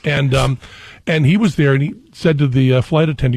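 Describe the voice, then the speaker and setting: A man as a radio guest, telling rambling, animated stories and laughing often. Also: mid-range voice, brisk, vocal fry, no echo. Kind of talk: casual talk-radio conversation.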